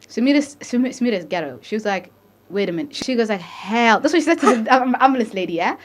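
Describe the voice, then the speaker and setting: Lively woman telling a story. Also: a little high, fast. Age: young adult. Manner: animated storyteller, acts out quoted voices; calls listeners babe, slangy. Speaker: podcast co-host. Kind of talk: casual storytelling chat.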